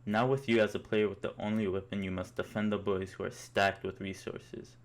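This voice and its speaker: A man's voice: on the low side, flat delivery, a little fast. A young man narrating a comic story in the second person, in an amused, mock-epic way.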